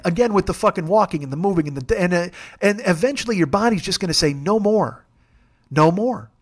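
A middle-aged man hosts a confessional podcast monologue, rambling freely and often restarting his sentences. His voice sits a bit higher than most men's. He swears constantly and runs himself down, candid and blunt throughout. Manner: candid, profane, self-deprecating, rambling with restarts. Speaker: podcast host.

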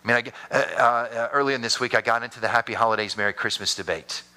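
Male pastor, sermon, very bright tone, animated storytelling delivery. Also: fast talker, smooth. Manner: animated storytelling preacher with sudden high-pitched bursts.

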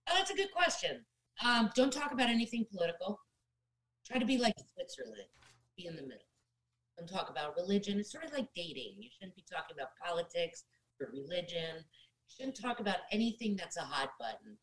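A middle-aged actress talking casually as an interview guest, giving direct career advice and speaking straight to listeners as "guys". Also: female voice, fairly low pitch, sing-song, a little fast, a bit bright, rough recording.

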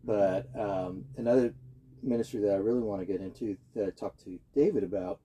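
A young man talks in a relaxed chat, with an earnest, halting way of speaking. His voice is very dark and mellow, with a husky edge. He often stops and restarts his sentences. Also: lowish voice. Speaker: guest. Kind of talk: casual chat.

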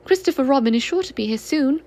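A woman voicing a calm, motherly female kangaroo in a storybook reading, brisk and caring. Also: high voice, voice pushed up.

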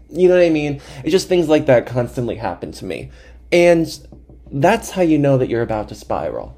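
Young man, podcast host, comic storytelling, animated, self-mocking, swears a lot, warm relaxed tone. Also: medium pitch, normal speed. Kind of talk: comedic storytelling monologue.

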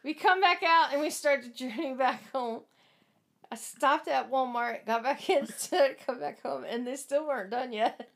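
A woman chatting casually as a co-host, telling a story with animated laughter and acted-out reactions. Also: sits high, normal speed. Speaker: podcast co-host discussing audiobooks. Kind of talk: casual chat.

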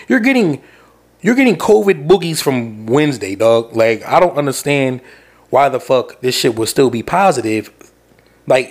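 A man hosting a podcast, telling a rambling, profane story. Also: medium pitch. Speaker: podcast host. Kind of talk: casual rant.

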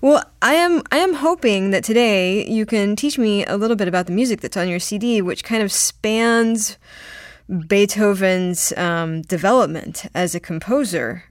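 A woman's voice: medium pitch, normal speed, dry recording, studio quality. A woman hosting a radio interview, friendly and curious, with an easy laugh. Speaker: host.

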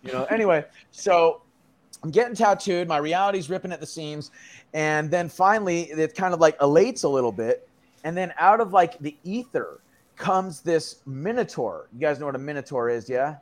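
A man's voice: fairly high pitch, animated, moderate pace. A man as a podcast guest, telling a story in a loose, slangy way with many fillers and some swearing. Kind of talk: casual storytelling.

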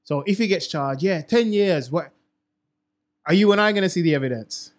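A young man talks slang in a casual chat show and keeps repeating his points for weight. His voice sits a little high for a man. He sounds animated and runs on in a loose, conversational way. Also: moderate pace. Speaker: podcast co-host.

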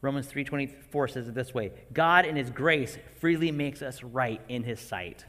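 A man in his forties preaching a sermon to parents, animated and acting out his own outbursts. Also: mid-range voice, moderate pace. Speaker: pastor. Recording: long hall reverb.

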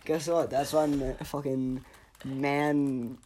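A man's voice: mid-range voice, flat delivery, slow pace, dark tone, a little hiss or hum. A young man co-hosting a casual podcast, blunt and crude, swearing often. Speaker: podcast co-host. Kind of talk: casual chat.

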